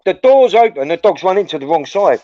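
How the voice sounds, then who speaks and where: A man's voice: fairly high pitch, fast talker, no room sound, lo-fi sound. A man hosting a livestream, telling a crude, rambling anecdote full of swearing. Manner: crude, swearing, storytelling, animated. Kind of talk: casual chat, rambling anecdote.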